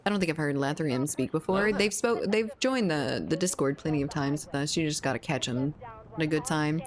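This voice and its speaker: A woman's voice: low voice, fairly quick. A woman from Louisiana streaming, casually chatting with her viewers, laughing often and swearing now and then. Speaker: livestreamer reading chat. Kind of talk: casual chat.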